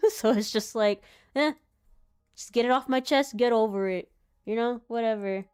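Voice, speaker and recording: A woman's voice: fairly high pitch, measured pace, darkish tone, clean tone. Laughing, cursing woman chatting while drawing. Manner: laughs often, swears, mutters to herself while drawing. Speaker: artist streamer. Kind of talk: casual rambling while drawing.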